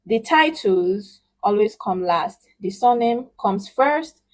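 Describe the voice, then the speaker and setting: A woman leads a spoken language lesson at an unhurried pace. Her voice sits at a middling pitch. She repeats each word several times and leans hard on each syllable so learners can follow along aloud. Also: expressive. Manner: patient, repeats words slowly for learners to echo; models pronunciation with emphatic, drawn-out syllables. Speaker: language teacher.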